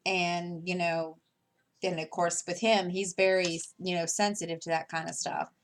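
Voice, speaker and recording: A crafting vlogger chats casually while working on a craft project, rambling with lots of fillers and restarts and chuckling between thoughts. Her voice is lowish with little pitch movement, at a moderate pace, and the audio has a little hiss or hum.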